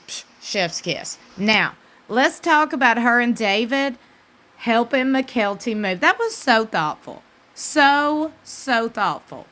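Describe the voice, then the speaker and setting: A woman's voice: mid-range voice, a bit bright, poor audio. A woman, chatting to her viewers in gushing, repetitive commentary with folksy asides. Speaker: celebrity gossip vlogger.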